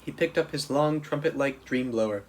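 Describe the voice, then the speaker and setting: A man reading a children's storybook aloud in a steady, plain way, with small restarts. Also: mid-range voice, moderate pace, poor audio. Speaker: camp counselor reading aloud.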